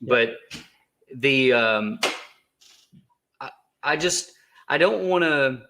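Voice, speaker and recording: A man's voice: medium pitch, expressive, extremely slow, pushed and bright. A man co-hosting a livestream, chatting casually in a joking, rambling way with many restarts. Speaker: co-host of a crypto livestream.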